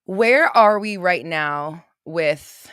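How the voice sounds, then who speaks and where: Chatty low-voiced woman coach. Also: lively intonation, fairly bright tone, smooth, dry recording, clean studio sound. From California. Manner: chatty, rambling, quick to laugh and gasp. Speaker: mindset coach and host. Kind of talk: casual livestream chat reading viewer comments.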